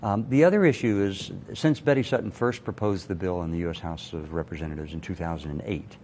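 An older man, a retired doctor, telling a personal story in an earnest, measured way as a TV interview guest. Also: deep voice, a little mellow, a little hiss or hum.

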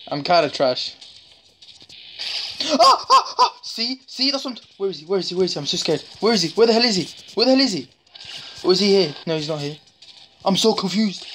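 A woman's voice: mid-range voice, fairly bright tone. A woman giving casual, jokey commentary while playing a mobile shooter, trash-talking opponents and letting out sudden yelps. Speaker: mobile game streamer. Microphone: phone screen recorder. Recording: noisy phone recording with tapping clicks.

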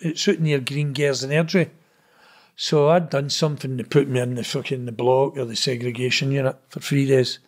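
This interview guest is a middle-aged man from Glasgow, Scotland, speaking at medium pitch and moderate pace with little movement in his tone. His casual storytelling rambles bluntly, full of swearing and frequent "know what I mean".

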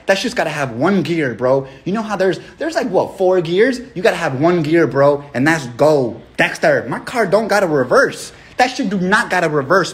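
Slangy, profane young man on a livestream. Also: on the high side. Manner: profane, rambling, loose slangy motivational talk. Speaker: livestream host running a raffle. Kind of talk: casual livestream chat.

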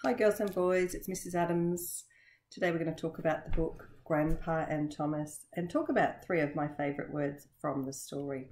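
A woman teacher giving a children's vocabulary lesson, speaking slowly and encouragingly and pausing for answers. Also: deep voice, steady tone, a little mellow. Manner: slow, sing-song and encouraging, with pauses for answers.

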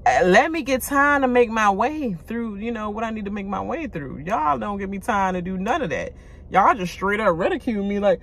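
A woman's voice: medium pitch, lively intonation, normal speed, fairly bright tone. A woman giving a blunt, casual rant about a reality show, talking straight to her viewers and swearing freely. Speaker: reality TV commentator.

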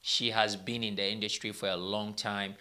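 Bright-voiced chatty man hosting. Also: fairly low pitch, level tone, normal speed. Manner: chatty, rambling, self-correcting. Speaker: entertainment news host. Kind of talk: casual entertainment update. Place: small studio.

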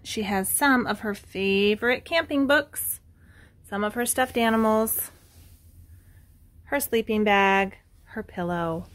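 Woman reading a picture book to children. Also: mid-range voice. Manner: animated, child-directed storytelling. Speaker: preschool teacher. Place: inside a small tent.

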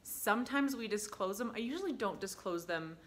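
A woman telling casual stories about her dental work, chatty with lots of fillers, breaking into bright quoted voices. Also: medium pitch, expressive, brisk. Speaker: dental hygienist vlogger. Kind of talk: casual storytelling to camera.

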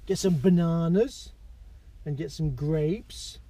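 Father, casual vlog, playful and coaxing with his toddler, unhurried delivery. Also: on the high side, mellow. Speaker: father vlogger. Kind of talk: casual family vlog chat.

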